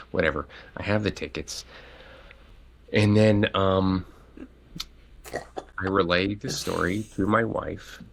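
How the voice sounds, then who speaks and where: Middle-aged male podcast co-host, low gravelly voice, lively storyteller who pops into high voices for quotes. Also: unhurried, pauses often. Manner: animated, jumps high to act out quoted voices. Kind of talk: casual storytelling chat.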